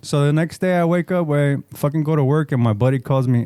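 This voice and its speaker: A middle-aged man tells a long, rambling story on a podcast, cursing casually and mixing in Spanish. His voice sits a bit high for a man. The sound is dry and close, with no room echo. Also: brisk, mellow, clean tone. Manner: swears often, code-switches into Spanish, rambling storyteller. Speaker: podcast co-host.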